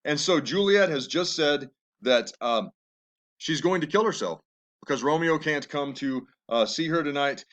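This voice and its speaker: A man teaching a class on a play, explaining the scenes patiently and reading the verse aloud slowly and with feeling. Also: fairly high pitch, lively intonation, fairly bright tone. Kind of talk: lecture with read-aloud passages.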